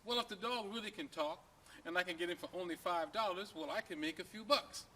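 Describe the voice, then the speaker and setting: A man's voice: sits high, brisk. A man playing an eager gullible young buyer. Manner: excited, wide-eyed questioning.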